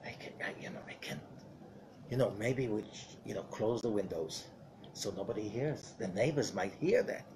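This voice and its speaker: A man voicing a grown child who pleads with a father in an ashamed, hushed way. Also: high-pitched, sing-song, a little slow, noisy background, voice pushed up. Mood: hushed embarrassed.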